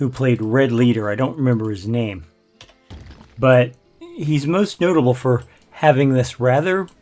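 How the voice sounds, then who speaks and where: An older man giving rambling, self-deprecating commentary as a let's play host. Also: mid-range voice. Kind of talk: casual gameplay commentary.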